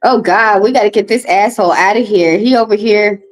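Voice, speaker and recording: A woman's voice: mid-range voice, fairly quick, rough recording. A woman doing a casual livestream tarot card reading, talking bluntly and profanely with rambling asides.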